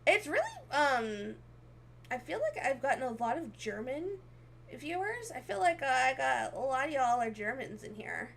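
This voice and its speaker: A woman's voice: sits high, very animated, normal speed, creaky, fairly bright tone, a little hiss or hum. A young woman streaming as a VTuber, chatting casually and giggling often as she reads comments aloud. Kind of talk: casual livestream chat, reading comments.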